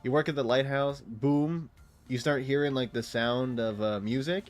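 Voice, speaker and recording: A man's voice: mid-range voice, steady tone, moderate pace, faint music behind. A young man casually commenting while he plays a video game, rambling and joking with frequent laughs. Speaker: gaming streamer.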